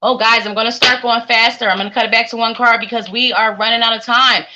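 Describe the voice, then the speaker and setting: A woman giving a live psychic tarot reading, talking straight to her viewers in a warm, rambling way and repeating her phrases. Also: on the high side, fairly even intonation, fast talker, muffled recording, noisy background. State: sleepy.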